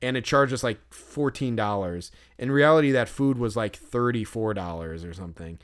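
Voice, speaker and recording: Smooth-voiced man telling a rambling story. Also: medium pitch, moderate pace. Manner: rambling, lots of fillers and restarts, swears. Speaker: podcast co-host. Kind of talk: casual storytelling chat.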